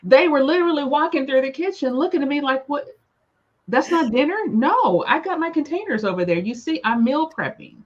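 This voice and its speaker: A woman on a discussion panel, telling lively family stories in a casual way and acting out what family members say. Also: high-pitched, brisk, hardly any pauses, dull audio. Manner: lively storyteller who acts out family members' lines. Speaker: panelist sharing her experience. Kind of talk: casual storytelling chat.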